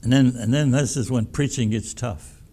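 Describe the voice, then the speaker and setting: Gravelly-voiced man preaching a folksy sermon. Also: medium pitch, moderate pace, dark tone. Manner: folksy, emphatic preaching with repeated words. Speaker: pastor.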